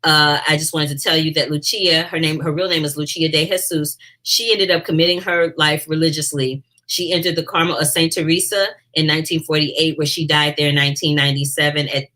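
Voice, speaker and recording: A woman's voice: sits low, fairly even intonation, brisk, hardly any pauses, pushed and bright. A woman film critic hosting a chatty movie review talk, addressing her viewers directly. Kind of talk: casual movie review chat.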